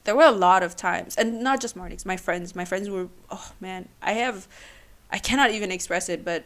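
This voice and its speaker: A young woman hosting her own podcast, talking emotionally and haltingly, tearful at times. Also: mid-range voice. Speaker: podcast host. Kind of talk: personal solo podcast.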